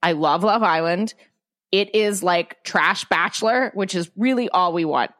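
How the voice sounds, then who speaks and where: Chatting casually as a podcast guest, a young woman with a lowish, slightly bright voice speaks at a measured pace in an open, candid way. She swears now and then and often breaks off and restarts her sentences while thinking aloud.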